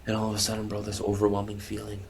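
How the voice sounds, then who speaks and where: A man's voice: on the low side, monotone, very fast, creaky, a little hiss or hum. A man guest on a podcast, telling his story in a candid, heartfelt, casual way and calling the host bro and man. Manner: calls the listener bro and man constantly. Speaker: podcast guest, musician and speaker.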